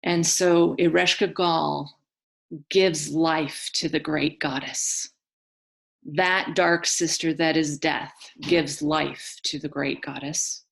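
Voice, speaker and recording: A woman storyteller recounting an ancient myth in a slow, hushed, incantatory way. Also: deep voice, fairly even intonation, vocal fry. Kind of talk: mythic storytelling.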